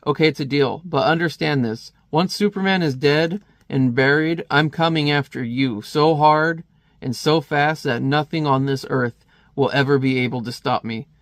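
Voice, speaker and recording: A man reading the lines of a grim, vengeful male vigilante from a comic, in a cold, measured, threatening way. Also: on the high side, no room sound, studio quality, close to an everyday voice.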